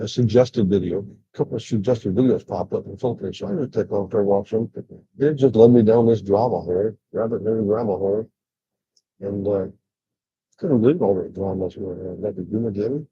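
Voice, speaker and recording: A man's voice: fairly low pitch, mellow, husky, dry recording. An older man rambling casually on a livestream, bluntly complaining, with many fillers and restarts. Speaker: vlogger. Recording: dull lo-fi sound.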